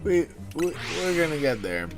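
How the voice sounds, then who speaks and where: A man's voice: fairly high pitch, big pitch swings, normal speed. A young man chatting casually on a game livestream, rambling from one joke to the next, swearing freely and calling his viewers dude. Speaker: livestream gamer. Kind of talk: casual livestream chat while playing. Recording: game music playing under voice.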